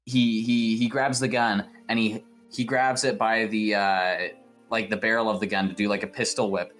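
A man's voice: on the low side, little pitch movement, moderate pace, fairly bright tone, soft background music. Rambling man hosting a podcast. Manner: rambling, repeats words, spins absurd stories. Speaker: podcast host. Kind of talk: casual podcast banter.

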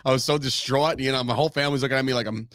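A man with a New Jersey accent hosting a casual sports podcast, animated and swearing freely, laughing often. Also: medium pitch, very fast, no room sound, clean studio sound. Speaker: podcast host.

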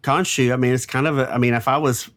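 A man's voice: mid-range voice, steady tone, fast talker, a bit bright. A man co-hosting a casual podcast, musing aloud and often repeating words as he starts a thought. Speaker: podcast co-host. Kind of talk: casual chat.

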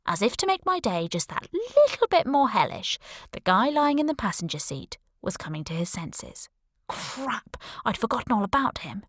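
A woman reading a first-person audiobook thriller in a lively, wry, dramatic way. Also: a little high, moderate pace, no echo, studio quality. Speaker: audiobook narrator.

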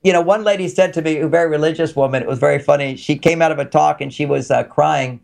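A man's voice: fairly high pitch, fast, creaky, a little mellow. A man being interviewed as a relationship author, talking casually and explaining his ideas through anecdotes.

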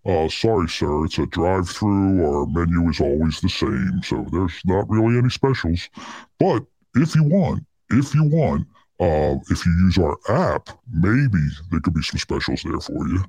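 A man playing a hot-tempered male drive-thru worker who answers gruffly and swears at a customer. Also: low voice, animated, a little slow, darkish tone, dry recording, exaggerated voice. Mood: curt.

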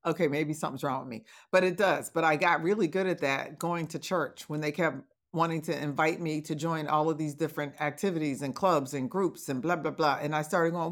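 A woman's voice: low voice, normal speed. A woman hosting an advice podcast, talking casually and encouragingly to listeners, with playful asides and laughter. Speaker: podcast host, divorce coach.

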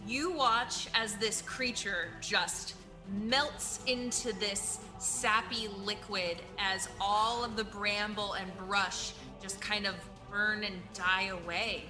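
A woman's voice: mid-range voice, fairly even intonation, takes it slowly, few pauses, music in the background. A woman narrating as game master of a tabletop game, telling the action vividly with frequent giggles.

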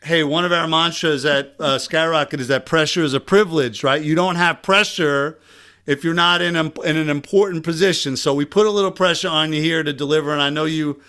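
A man with a Long Island accent hosting a casual, energetic podcast conversation. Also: a little high, a little fast, smooth. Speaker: podcast host.

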